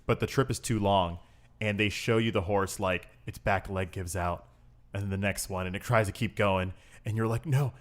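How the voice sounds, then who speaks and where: A man's voice: lowish voice, normal speed. A man hosting a gaming podcast in casual chat, telling stories with lots of laughs. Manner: animated storyteller, laughs often. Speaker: podcast host.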